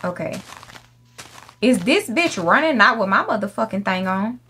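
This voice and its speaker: A woman's voice: medium pitch, lively intonation, moderate pace, sharp tone, slightly rough. A young woman giving casual gameplay commentary, brash and profane, scolding the animals in her game. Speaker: gaming YouTuber.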